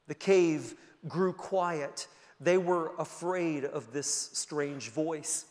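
A male pastor tells a story from the pulpit in an earnest, unhurried way. His voice sits high and swells to emphatic peaks. It rings out with the long echo of a church hall. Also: darkish tone. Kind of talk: sermon with storytelling. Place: church sanctuary.

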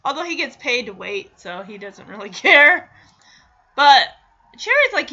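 A woman's voice: high-pitched, big pitch swings, measured pace, bright, forceful tone. A young woman animatedly recapping a TV episode in a gossipy, teasing way, often laughing. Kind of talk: casual chatty episode recap. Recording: dull lo-fi audio.

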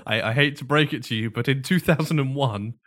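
A man's voice: mid-range voice, brisk, fairly bright tone. A man co-hosting a podcast, telling the story in a casual chat and often laughing as he goes. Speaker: podcast co-host.

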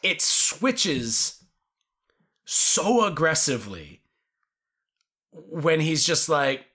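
A man's voice: a little high, sing-song, very slow, pauses often, pushed and bright. A man casually reviewing a movie with a co-host, rambling and swearing with lots of "like". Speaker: podcast co-host.

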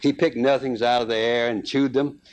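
A man reading a rural tale aloud as narrator, unhurried, with small restarts and fillers. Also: medium pitch, steady tone.

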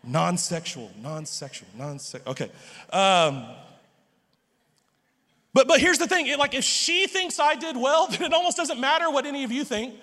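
Pastor guy preaching, kinda high voice, lots of restarts and jokes, big church echo. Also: big pitch swings, normal speed, pushed and bright. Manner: stammering restarts, joking asides. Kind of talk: sermon.

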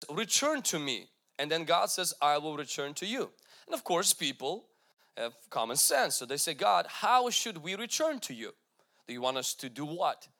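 A man's voice: on the high side, bright, forceful tone. A man preaching a sermon, emphatic, with repeated calls to the congregation. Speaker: pastor.

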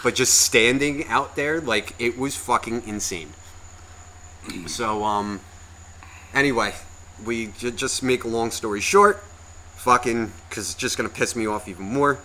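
A man ranting his way through a podcast story, swearing freely and sounding fed up. His voice is bright and forceful and carries well over the mic. A faint hiss sits underneath. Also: mid-range voice, expressive, measured pace. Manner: profane, ranting, exasperated. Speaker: podcast co-host.

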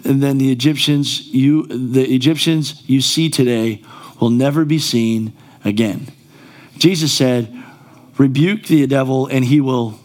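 A man's voice: mid-range voice, measured pace, a little mellow. A male pastor preaching a sermon in a church, conversational and then rising to emphatic exclamations.

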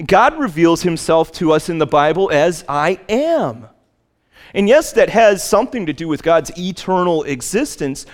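A male pastor preaching a sermon, slowing down and rising for emphatic lists. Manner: rises in pitch and slows for emphatic lists.

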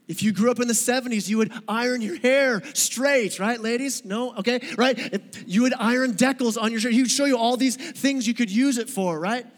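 Male pastor, high voice; conversational sermon with humor and questions to the room; long church-hall reverb. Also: brisk, hardly any pauses. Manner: conversational, joking, asks the audience questions. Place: church sanctuary.

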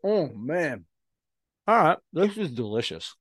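Midwest guy chatting on a podcast, animated storyteller, teasing, dry close mic. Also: fairly high pitch, unhurried, slightly rough, dry recording. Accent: American Midwest. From American Midwest. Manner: animated storyteller, playful ribbing. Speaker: podcast co-host. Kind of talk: casual chat.

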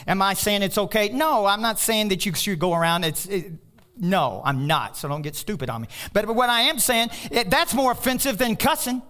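A man preaching a sermon as pastor, passionate, climbing into loud, high bursts and then dropping to soft, low asides. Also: a little fast. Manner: animated storytelling with laughter.

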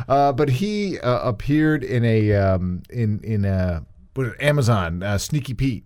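A man co-hosting a podcast in casual chat, laughing often and breaking into quick impressions. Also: medium pitch, sing-song, darkish tone. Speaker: podcast co-host.

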